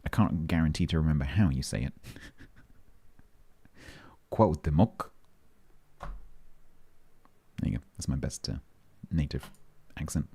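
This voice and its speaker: Very deep-voiced man reading patch notes. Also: moderate pace, gravelly, mellow, husky. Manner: chatty, jokey, reads aloud and breaks off to answer chat. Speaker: streamer. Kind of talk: casual stream chat reading patch notes.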